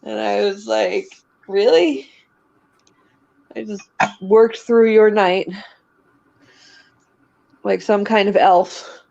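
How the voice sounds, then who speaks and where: A woman's voice: medium pitch, little pitch movement, slow, gravelly, pauses often, darkish tone. A woman chatting casually on a stream, telling rambling anecdotes with frequent laughter and fillers. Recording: slightly dull lo-fi sound.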